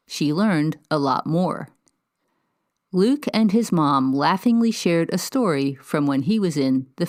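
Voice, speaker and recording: A woman host giving measured, scripted narration of a story. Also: deep voice, a little mellow, no echo, clean studio sound.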